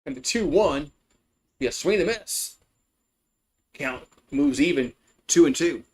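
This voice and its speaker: A man's voice: expressive, a little slow, poor audio. Chatty man calling baseball live. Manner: chatty, loose, greets chat viewers between pitches. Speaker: play-by-play commentator. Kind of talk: casual live baseball commentary.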